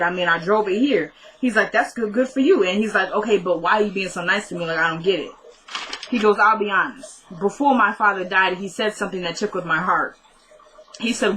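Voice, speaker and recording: A woman chatting through a TV episode recap in a relaxed vlog style. Her voice sits at a middle pitch. She retells scenes by quoting the characters' lines one after another and breaks off for teasing asides to her viewers. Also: slight background noise, rough recording. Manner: playful asides and mock complaints to the viewer. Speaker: TV episode reviewer.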